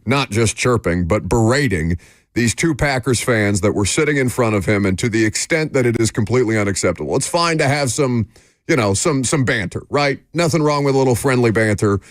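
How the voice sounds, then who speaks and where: A man's voice: mid-range voice, expressive, brisk, no room sound. A man hosting a sports talk radio show, giving his opinions in an emphatic, ranting way from a studio microphone.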